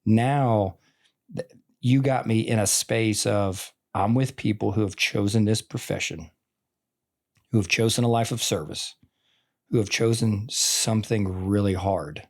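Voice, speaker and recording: Earnest rambling man, low voice. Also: measured pace. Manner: earnest, rambling, full of "like" and "I mean". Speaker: teacher and podcast guest. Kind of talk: casual conversation.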